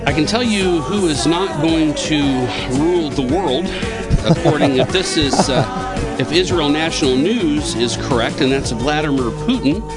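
A man's voice: on the high side, measured pace. Man reading news over music. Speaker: co-host. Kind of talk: reading news items on a talk show. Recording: music bed under voice.

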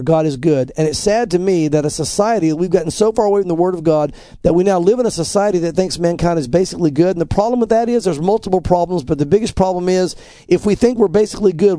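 High-voiced earnest preaching man. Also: mellow, no echo, studio quality. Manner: emphatic, earnest, quotes scripture and articles. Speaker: pastor, co-host. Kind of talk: preaching-style news commentary.

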